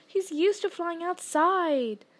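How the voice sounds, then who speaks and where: Young boy, earnest and protesting, storybook, a woman doing the voice, high and bright. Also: slow. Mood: pleading. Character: young wizard boy, pleading and irritable.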